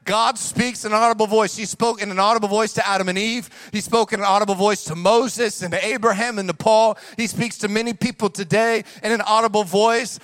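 Pastor, young man, high voice, dry close sound, animated sermon with slangy asides. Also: fairly quick, hardly any pauses, no echo. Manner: animated preaching, swings between hushed asides and shouted emphasis; casual slang asides to congregation.

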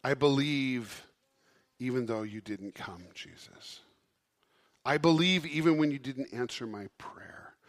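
A man voicing a grieving, faithful woman who speaks in a hushed, breaking whisper. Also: mid-range voice, measured pace, lightly acted. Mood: tearful, hushed.

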